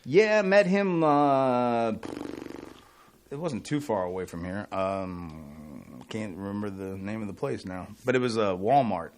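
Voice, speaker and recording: A man's voice: on the low side, measured pace, background noise. A middle-aged man, co-hosting a casual radio talk show and telling long rambling stories. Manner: rambling storyteller, animated when excited. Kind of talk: casual on-air chat.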